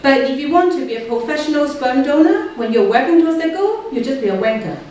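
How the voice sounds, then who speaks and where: A woman's voice: sits high, animated, quick pace. Woman comic, dry hesitant delivery, heard from a distance over noticeable background noise. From Hong Kong. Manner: dry punchlines broken by frequent fillers and hesitations. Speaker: stand-up comedian. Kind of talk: stand-up comedy set. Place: comedy club stage. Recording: very echoey, distant stage mic with noise.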